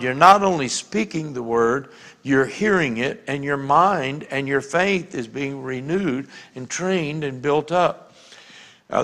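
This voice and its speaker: Male pastor, sermon, conversational, deliberate, slightly higher voice, long hall reverb. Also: a bit bright. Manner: conversational, repeats words, reads scripture slowly and with emphasis. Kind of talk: sermon teaching. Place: church sanctuary.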